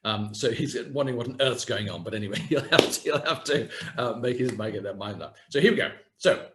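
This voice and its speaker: A man in his sixties, a communication coach giving a live online workshop over a video call, animated and self-deprecating as he demonstrates exercises. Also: mid-range voice, fairly quick, very noisy. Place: home setting, UK. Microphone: video call webcam.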